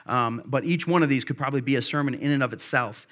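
Bright-voiced earnest male pastor. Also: medium pitch, fast talker. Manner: conversational and earnest, with bursts of excitement. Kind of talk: sermon.

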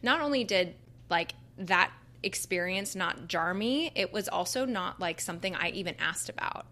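A young woman in a casual conversation, talking earnestly and haltingly, full of likes and restarts. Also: lowish voice, expressive, sharp tone.

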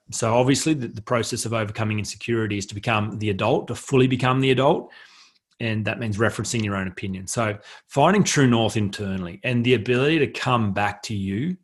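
A man hosting a solo self-help podcast, talking earnestly and reflectively, repeating key phrases for emphasis. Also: fairly low pitch. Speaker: podcast host.

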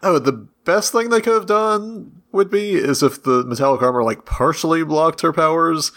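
A man's voice: on the high side, normal speed, a bit bright. A man co-hosting a podcast in casual chat, easygoing and agreeable. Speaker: podcast co-host.

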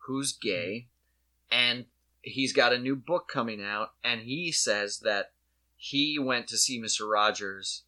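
A man in casual comedic chat, telling an animated story and slipping into put-on voices. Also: medium pitch, slow.

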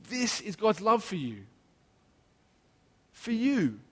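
Earnest preacher man, slightly high voice. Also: sing-song, in a large hall. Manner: earnest, emphatic preaching with slow stressed phrases. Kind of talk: sermon.

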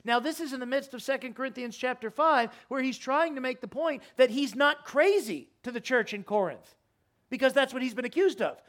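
A man preaching a sermon in a church, impassioned, his voice climbing high and loud, then sinking to a quiet, earnest plea. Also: a little fast. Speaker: pastor. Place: church sanctuary.

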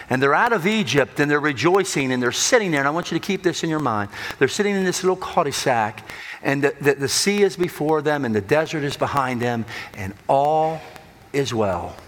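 A man preaching a sermon, swinging between loud emphatic lines and hushed low ones. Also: a little hiss or hum. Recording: long hall reverb.

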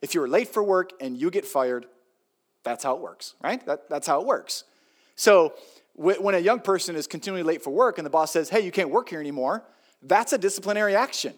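A man's voice: high-pitched, expressive, brisk. A middle-aged male pastor preaching a sermon in a conversational, joking way, repeating key points for emphasis.

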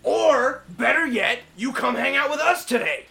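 Excitable high-voiced man. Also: normal speed, creaky. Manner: loud, excitable, shouting and laughing often. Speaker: comedy podcast co-host. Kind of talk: improvised comedy sketch.

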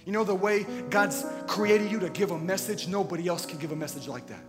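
A male pastor preaching a conversational sermon, dropping to quiet asides and then rising to loud, emphatic bursts. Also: high voice, fairly quick. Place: church sanctuary. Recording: long church reverb with faint music.

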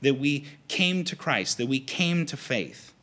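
A man preaching a conversational sermon to a congregation, animated and acting out quoted lines. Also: medium pitch, measured pace. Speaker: pastor.

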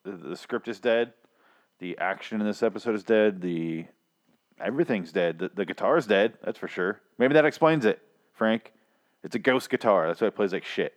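A man's voice: lowish voice, lively intonation, normal speed. A man hosting a podcast in casual chat, sarcastic and swearing casually. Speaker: podcast host. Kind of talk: casual chat reviewing a TV episode.

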